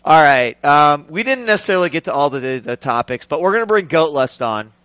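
A male podcast host tells stories with lots of swearing and animation. His voice sits slightly high. It sounds dry and close, with no room echo. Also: fairly quick, clean tone. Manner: profane, storytelling, animated. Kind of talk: casual gaming podcast chat.

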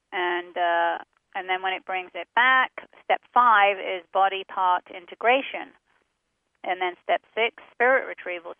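A woman's voice: fairly low pitch, no room sound. A woman hosting a talk show, chatting as she walks through a list of steps. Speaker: host. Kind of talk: casual radio talk. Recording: dry, tinny phone-line sound.

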